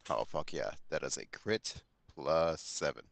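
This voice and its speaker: A man with an extremely deep voice playing a tabletop game, relaxed and wordy as he lays out his plans. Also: measured pace, creaky. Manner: relaxed, explains plans at length. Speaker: player.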